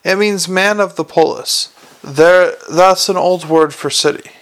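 A man's voice: sits high, a little slow, fairly bright tone, smooth. A man voicing an earnest, naive young watchman who talks eagerly and innocently in a storybook reading.

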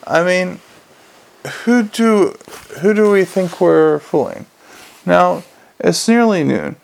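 A man's voice: high voice, takes it slowly, gravelly, pitched above the performer's own voice, exaggerated voice. A man voicing a weary, put-upon middle-aged male sergeant who talks in an exasperated, flustered way.

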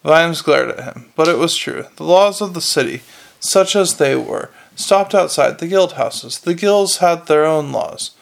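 A man's voice: fairly high pitch, lively intonation, a little slow, creaky, a little hiss or hum. A man narrating a novel aloud in a plain, unpolished reading with frequent restarts. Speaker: audiobook reader.

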